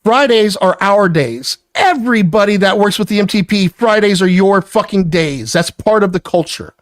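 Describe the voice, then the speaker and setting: A man's voice: high-pitched, animated, normal speed, no echo. Furious, swearing man lecturing hard. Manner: angry, profane, lecturing. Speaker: business owner confronting an employee. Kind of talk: heated work argument.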